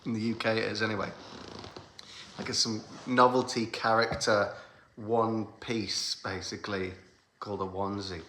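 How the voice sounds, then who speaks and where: A man's voice: on the low side, bright, forceful tone, a little hiss or hum. A man from the UK, hosting a casual livestream for his band's fans, rambling chattily with lots of fillers and laughs. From United Kingdom. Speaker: band leader hosting a fan livestream. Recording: roomy echoey room sound.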